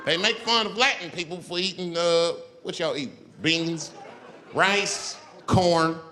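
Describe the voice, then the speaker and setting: A man doing stand-up comedy on stage, an animated, profane storyteller whose pitch jumps up for emphasis. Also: takes it slowly. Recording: live show, loud crowd and noise.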